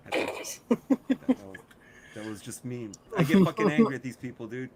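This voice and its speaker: A man's voice: medium pitch, big pitch swings, brisk, crowd noise. A middle-aged man co-hosting a casual podcast chat, swearing a lot and ranting with frequent laughs. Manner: profane, ranting, laughs often. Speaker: podcast co-host.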